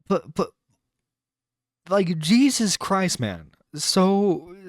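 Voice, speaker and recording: A man's voice: sits high, no room sound. A man hosting a live stream, reacting to a clip in an exasperated, incredulous rant with some swearing, close to the mic. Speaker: internet radio host reacting to a clip.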